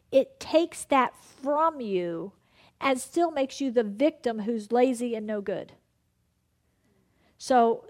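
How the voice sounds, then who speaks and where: A middle-aged woman preaching a conversational sermon, with animated asides and laughter. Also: a little high.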